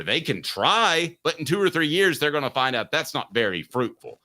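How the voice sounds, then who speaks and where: A man hosts a sports talk show, making his case with opinionated, emphatic rhetorical questions. His voice is bright and forceful, and his pitch moves a lot as he presses each point. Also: very animated, normal speed.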